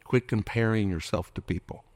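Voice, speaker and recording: At normal speed, a lowish, slightly mellow-voiced pastor preaches with no room sound. His sermon fires questions at the congregation and includes joking impressions.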